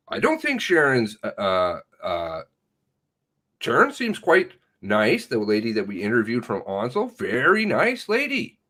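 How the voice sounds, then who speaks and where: A man's voice: mid-range voice, huge pitch swings, slow, fairly bright tone. A man giving a sarcastic, ranting livestream commentary, mocking the police in put-on voices. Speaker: online commentator.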